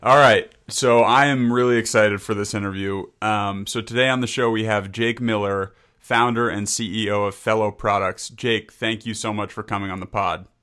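Male podcast host, low-pitched, chatty and upbeat. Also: steady tone, moderate pace, few pauses, a bit bright, clean tone. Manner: upbeat, conversational with fillers. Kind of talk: podcast interview.

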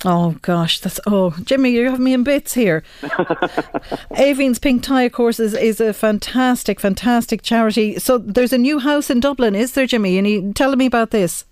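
Radio host asking questions, dry sound. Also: male voice, extremely high pitch, normal speed, darkish tone, smooth, dry recording. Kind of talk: radio interview.

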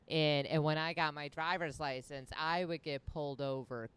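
A man's voice: fairly high pitch, fairly even intonation, moderate pace, fairly bright tone, clear, resonant tone. A man in casual chat, chiming in with wry jokes and reactions and telling a short story of his own.

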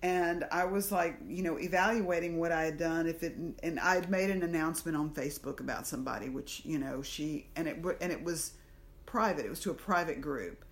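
A woman's voice: sits low, fairly quick. A woman from the American South co-hosting a podcast, telling a personal story in a casual conversation and acting out the voices in her head. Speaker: podcast co-host.

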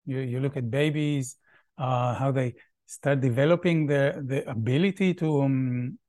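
A middle-aged man, a Hebrew speaker, answers interview questions on a podcast. He talks slowly and thoughtfully, stopping often to search for words. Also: mid-range voice, a little mellow. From Israel. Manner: thoughtful, halting, with many pauses and fillers. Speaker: guest, Feldenkrais practitioner.

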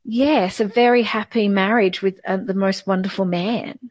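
A woman in her forties, a guest in a personal interview, speaking haltingly and repeating words as she opens up. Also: medium pitch, fairly even intonation, a little mellow, no room sound. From Australia.

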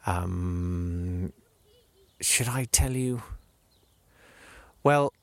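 A man's voice: sits low, drawn-out words, vocal fry, no room sound. A man hosting a podcast in casual chat, rambling and cutting himself off, recorded outdoors in a field. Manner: rambling, self-interrupting. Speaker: podcast host.

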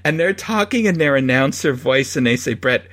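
Chatty man with a higher voice. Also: expressive, fairly quick, a bit bright. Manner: rambling, laughing, many restarts and fillers. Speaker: podcast host. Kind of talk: casual storytelling recap.

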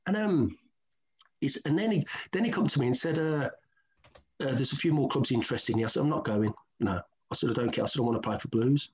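A middle-aged former footballer from England with a Birmingham accent, telling candid stories in an interview and acting out old conversations in a colloquial way. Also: male voice, medium pitch, quick pace, darkish tone. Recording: dull lo-fi sound.

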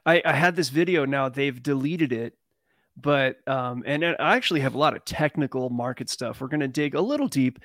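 A man's voice: medium pitch, animated, normal speed, fairly bright tone, no echo, studio quality. A man talking loosely as a podcast guest, rambling through commentary with fillers. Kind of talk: casual live chat.

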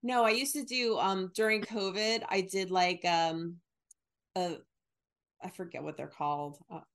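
A woman's voice: lowish voice, a little slow. A woman from New Jersey and New York, chatting casually as a podcast co-host in a rambling, laughing way. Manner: rambling, animated, laughs often. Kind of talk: casual chat.

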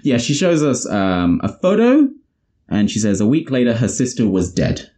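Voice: mid-range voice, big pitch swings, normal speed, dark tone. A podcast host casually recapping a film scene by scene, swearing freely and acting out their own reactions.

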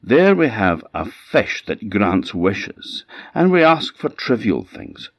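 A man's voice: low-pitched, big pitch swings, a little slow, dry recording, exaggerated voice. A man with an Orkney accent voicing a furious, greedy old peasant wife who shrilly scolds her husband. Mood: scornful. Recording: dull lo-fi sound.

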